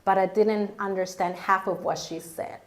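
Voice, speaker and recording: A woman storyteller performing live, self-mocking and animated, acting out her own panic with laughter. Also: mid-range voice, normal speed, a little hiss or hum. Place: storytelling venue stage.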